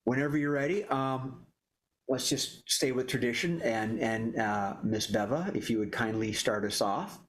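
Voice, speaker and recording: A man's voice: mid-range voice, moderate pace. A man hosting an online improv comedy show, announcing games and scene prompts in a jokey way. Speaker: improv game host.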